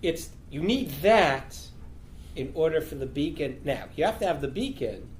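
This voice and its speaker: Here the rabbi sounds expressive, his voice on the high side and his pace moderate. After reading the Talmud passage aloud to his students, he explains it through rhetorical questions, over slight background noise.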